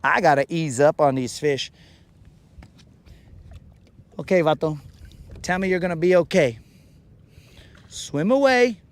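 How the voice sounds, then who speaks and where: A man's voice: a little high, no room sound. A man hosting a live fishing stream outdoors on a lake, playful and full of slang as he jokes with his chat. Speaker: fishing livestream host.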